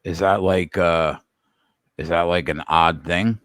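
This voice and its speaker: Very deep-voiced man, blunt and profane. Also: steady tone, slow, a bit bright, dry recording. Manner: blunt, profane, mock-dramatic. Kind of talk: casual chat.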